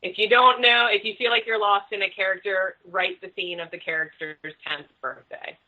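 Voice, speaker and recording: Chatty, animated woman on a muffled recording. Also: mid-range voice, normal speed. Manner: chatty, animated, swears freely. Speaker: guest author. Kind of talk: casual podcast chat.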